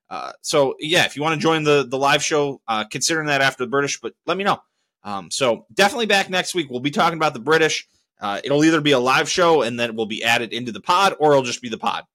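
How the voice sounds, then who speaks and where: A man's voice: a little high, pushed and bright. A young man hosting his own solo podcast, talking casually in a rambling, profane, heated way. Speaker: podcast host.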